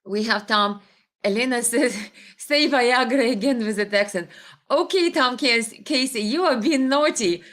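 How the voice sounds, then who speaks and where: A woman's voice: a little high, measured pace, a bit bright. A woman hosting a live stream, reading viewer comments and giving opinionated, sarcastic commentary with many fillers.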